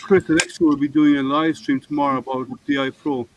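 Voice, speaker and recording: A man's voice: on the high side, flat delivery, a little fast, over music, rough recording. A man hosting a casual livestream hangout from home, rambling and thinking aloud with plenty of ums, talking over an online call mic. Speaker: livestream host.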